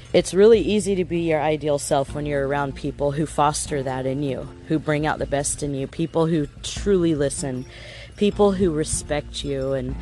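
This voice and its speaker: A man's voice: on the high side, darkish tone. A man giving a casual self-help lesson in an earnest way, asking his listeners rhetorical questions.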